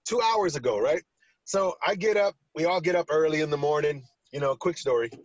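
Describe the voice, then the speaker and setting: A man casually telling a personal story on a talk show, animated and acting out the quoted lines. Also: on the high side, brisk, no echo, highs cut off. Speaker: podcast co-host.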